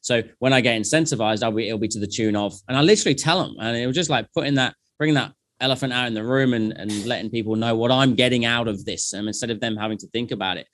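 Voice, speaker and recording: A man, a company founder, telling animated stories and acting out past conversations in a casual interview. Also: mid-range voice, fast, few pauses.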